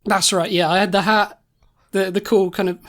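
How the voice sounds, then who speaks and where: A woman's voice: mid-range voice, flat delivery, normal speed. Rambling woman telling a comic story. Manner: rambling, laughing, many restarts. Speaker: podcast co-host. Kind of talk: improvised comedy storytelling.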